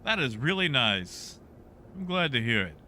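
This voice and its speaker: A man's voice: medium pitch, very animated, a little slow, bright, forceful tone, slight background noise. A man streaming a game and chatting casually with live viewers, joking and riffing on their messages from his home setup.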